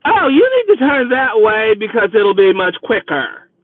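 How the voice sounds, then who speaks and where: A tipsy, bewildered young woman slurs and drags out her words in a high, wobbly voice, as a man puts her on. The sound is dry and close, with the thin, narrow band of a phone line. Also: big pitch swings, no room sound. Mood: drunk, confused. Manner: slow, drawn-out, wavering delivery. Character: drunk young woman passenger, slurring and confused.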